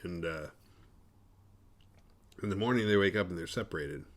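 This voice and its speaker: A man's voice: low-pitched, moderate pace. A man hosting a horror movie podcast, recapping a film in a rambling, profane, sarcastic way.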